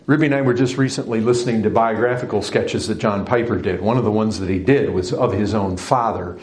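A man preaching a sermon, emphatic, with sudden surges in pitch and loudness.

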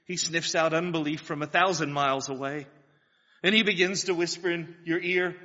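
A man's voice: a little high, moderate pace, sharp tone. A man preaching a sermon, earnest and building to fervent pleas, asking his listeners questions. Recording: dull lo-fi sound with long hall reverb.

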